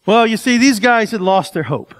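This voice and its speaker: A male pastor preaching a sermon in an animated, conversational way, asking the congregation rhetorical questions. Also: sits high, moderate pace, dry recording.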